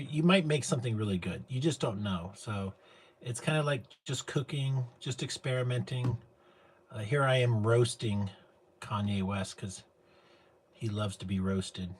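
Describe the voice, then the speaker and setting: Guy with a low voice hosting a stream, rambling and hesitant, faint noise behind. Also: normal speed. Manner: rambling, hesitant, full of fillers. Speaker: show host. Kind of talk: casual livestream chat.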